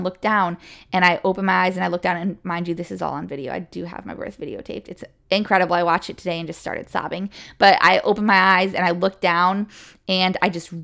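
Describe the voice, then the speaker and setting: Young woman chatting about her own life, kinda low and gravelly, lots of "like". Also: fairly bright tone. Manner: candid and chatty, with fillers like "like" and quick emotional lifts. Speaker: podcast or vlog host sharing a birth story. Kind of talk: casual personal storytelling.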